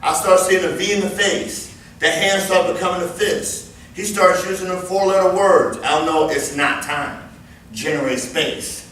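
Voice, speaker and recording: A man in his fifties running a live workplace safety training class, animated and joking as he demonstrates moves. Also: on the high side, moderate pace, slight background noise. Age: 50s. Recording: very echoey room, far mic, faint ambience.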